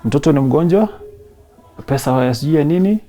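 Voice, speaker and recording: A man in his thirties with a Kenyan accent, telling his personal story in an emotional, soft-spoken way and mixing in Swahili phrases. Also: a little high, expressive, a little fast. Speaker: interview guest.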